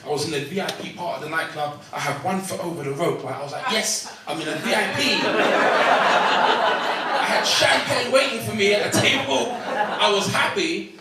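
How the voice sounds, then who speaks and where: Comedian on an echoey club stage. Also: male voice, sits high, moderate pace, heavy background noise. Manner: chatty, punchy delivery, frequent crowd asides. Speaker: stand-up comedian. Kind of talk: stand-up comedy set. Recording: echoey club audio from far off, loud crowd.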